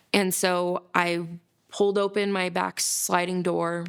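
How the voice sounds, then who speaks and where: A woman in a documentary interview tells a story vividly, acting out what was said along the way. Her voice is smooth and lowish, with a gravelly fry at the edges. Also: level tone, fairly bright tone. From United States. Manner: quick, vivid storytelling with acted-out quotes. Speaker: interviewee recounting a frightening night.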